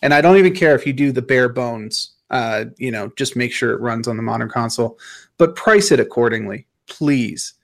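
A man's voice: mid-range voice, animated, moderate pace, gravelly. A man co-hosting a casual gaming podcast, emphatically ranting about overpriced game ports while losing his voice. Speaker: podcast co-host.

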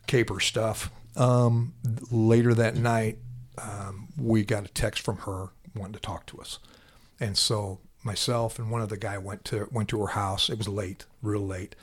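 Casting: man, low husky voice, halting, emotional first-hand account. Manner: halting, repeats words, quiet and heavy then louder when animated. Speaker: interview guest, law enforcement officer. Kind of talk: emotional personal storytelling.

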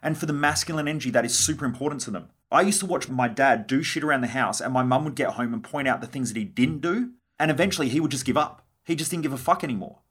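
Blunt young podcast host, quick and slightly husky, swears as he riffs. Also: mid-range voice, a bit bright. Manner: blunt, swears freely, acts out quoted conversations. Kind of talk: solo podcast monologue.

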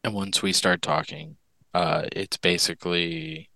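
Podcast guest, male, deep creaky voice with a bright edge, candid storytelling. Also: steady tone, no echo, rough recording. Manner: earnest and candid, with halting restarts. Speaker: interview guest. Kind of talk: personal storytelling in a podcast interview.

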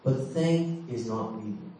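A mid-range, mellow male voice at normal speed carries this sermon by a middle-aged preacher. He recounts an honest personal story with laughs and dramatic ups and downs, captured in an echoey large church hall from a distant mic.

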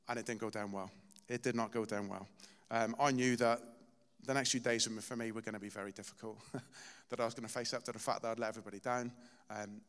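A man delivers a relaxed, conversational sermon in a church, weaving personal anecdotes with light self-deprecating humor. His voice sits at an ordinary middle pitch and carries a long hall reverb. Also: clean tone. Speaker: preacher.

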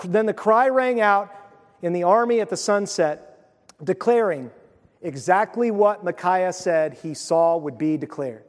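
High-voiced man preaching in reverberant hall. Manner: animated storytelling, acts out voices. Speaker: pastor. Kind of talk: sermon.

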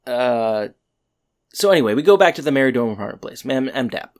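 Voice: mid-range voice, lively intonation, brisk. A co-host in a casual podcast chat, loosely recapping a sitcom episode and moving things along. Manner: loose, chatty, moves the recap along with "so anyway".

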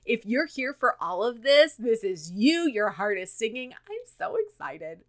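A woman's voice: a little high, very animated, a little slow, few pauses. A woman and mother hosting a podcast, earnestly encouraging listeners and quoting scripture as she speaks straight to them. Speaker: podcast host. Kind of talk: faith-based encouragement monologue.

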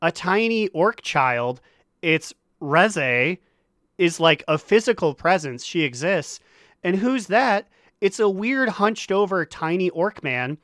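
Male podcast co-host, animated retelling, clean dry close-mic tone. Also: sits high, slow pace, no echo. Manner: animated storytelling, acting out characters' lines. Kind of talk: casual gaming podcast chat.

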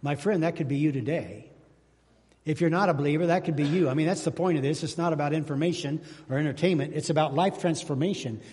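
A man's voice: a little high, fast, darkish tone, in a large hall. A man preaching a sermon as pastor, fervent, with rising emphasis and repeated phrases. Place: church sanctuary.

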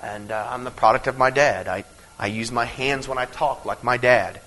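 A man preaching an evening sermon in an earnest, conversational way, moving between emphatic teaching and quiet personal stories. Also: medium pitch, steady tone, moderate pace, poor audio. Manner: earnest, conversational preaching with many restarts and fillers. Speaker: pastor.

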